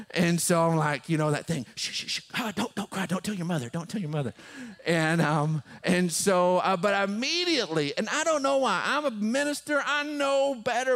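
A man in his forties, a pastor preaching a sermon, telling a story and rising to emphatic high peaks. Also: fairly bright tone.

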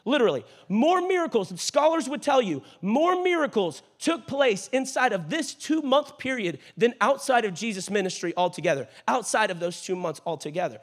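High-voiced, animated preaching man. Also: moderate pace, few pauses. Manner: animated, jokey preaching with playful voices for scripture characters. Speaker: pastor. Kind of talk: sermon. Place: church auditorium.

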